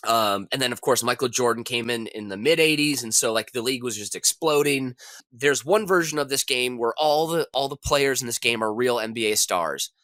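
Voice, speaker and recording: A man, a podcast contestant, pitching a game idea in casual, rambling chat. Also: a little fast, a bit bright, no room sound.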